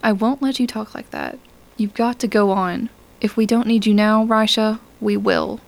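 An idealistic young man pleading his case, as a woman narrator reads him. The delivery is earnest and persuasive, with a gravelly edge to a mid-pitched voice in a science fiction audiobook. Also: steady tone, normal speed, lightly acted. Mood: firm. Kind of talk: audiobook character reading.

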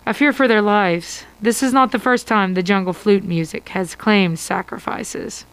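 A woman reading the lines of a calm male jungle guide in a slow, grave way. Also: medium pitch, smooth, lightly acted, low-quality recording. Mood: solemn.

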